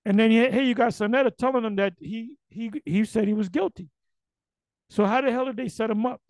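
Brief: middle-aged man, high gravelly voice going hoarse, blunt profane monologue, dry sound. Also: fairly quick, darkish tone, no echo, low-quality recording. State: losing his voice. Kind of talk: casual monologue.

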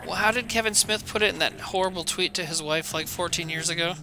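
A man's voice: high voice, fast, noisy background. A man streaming a video game, rambling to his chat in a self-mocking way while he plays. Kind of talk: casual gaming stream chat.

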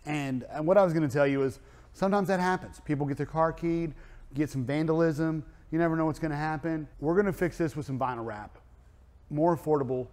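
A man's voice: medium pitch, long reverb tail. A man who owns a car wrap and tint shop, telling a story in a casual vlog, rambling and full of fillers. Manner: rambling, filler-heavy chatty delivery.

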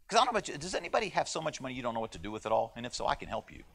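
Male teacher, American, gravelly, folksy conversational Bible class delivery. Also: medium pitch, very animated, rapid-fire, hardly any pauses, fairly bright tone. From United States. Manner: folksy and joking, with playful voices for quoted people. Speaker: Sunday school teacher. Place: church classroom.

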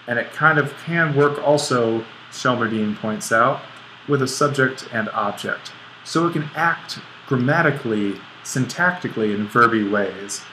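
A man with a bright, forward voice gives a screencast grammar lecture, thinking aloud and catching his own slips as he writes on the board. A faint hiss runs underneath the recording. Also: mid-range voice, low-quality recording. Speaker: Greek instructor.

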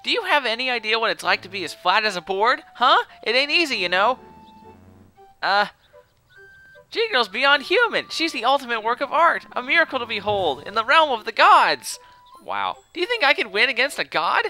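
A man's voice: extremely high pitch, big pitch swings, moderate pace, sharp tone, soft background music, voice pushed up, exaggerated voice, poor audio. A man reading a video game's text aloud, voicing a brash, sassy teenage girl adventurer in a raised, bratty voice. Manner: scolding, boastful, exaggerated.

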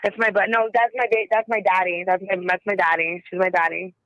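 A woman talks with her partner on a phone call, teasing him and cutting in often. Her voice is bright and forward. The sound is dry. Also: medium pitch, little pitch movement, a little fast, dry recording. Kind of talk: casual phone chat.

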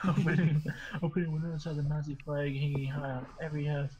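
A man's voice: fairly high pitch, level tone, a little mellow, lo-fi sound, slight background noise. Man reading stories aloud, cracking up. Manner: reads haltingly, often breaking into laughter. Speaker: podcast host.

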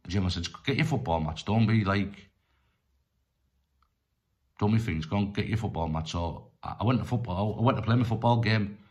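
A middle-aged man telling a personal story in a rambling, halting way, full of restarts and fillers. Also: lowish voice, a little mellow, highs cut off. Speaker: storyteller vlogger.

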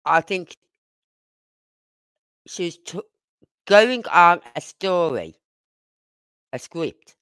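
An outspoken older woman with a Brummie accent rambles through a casual livestream chat. Her voice comes through smooth and clear, with a dry, close sound and no room around it. She speaks her mind plainly and wanders from point to point. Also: fairly low pitch, lively intonation, very slow, long pauses, a bit bright, no echo. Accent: Birmingham (Brummie). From Birmingham, England. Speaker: livestream host.

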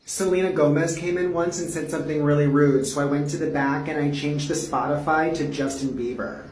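A man's voice: on the high side, fairly even intonation, brisk, a little mellow, slight background noise, poor audio. Sassy gay man telling petty stories. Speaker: storyteller. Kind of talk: comedic storytelling.

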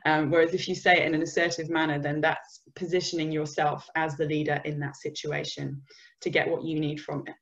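A woman's voice: low-pitched, level tone, brisk, dull audio. A woman from the UK giving a conversational business communication webinar, sometimes acting out example phrases. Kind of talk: webinar presentation.

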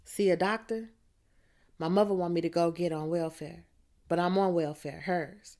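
A woman reading a first-person audiobook, narrating in a steady street-dialect teen voice. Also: on the low side, moderate pace.

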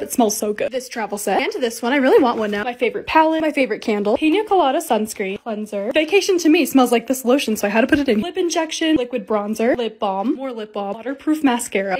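Bubbly, high, fast-talking young woman. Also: a little mellow. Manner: bubbly, gushing over cute things. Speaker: content creator. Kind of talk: voice-over vlog narration.

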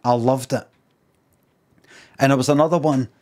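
A Scottish man chatting on a live stream, spinning a loose, rambling anecdote peppered with swearing. His voice sits at an ordinary middle pitch and stays relaxed. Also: normal speed. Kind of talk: casual storytelling on a live stream.

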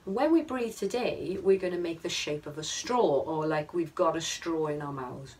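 A woman choir leader guiding a vocal warm-up, upbeat and encouraging, counting the group in. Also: deep voice, lively intonation, moderate pace. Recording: distant mic with music behind.

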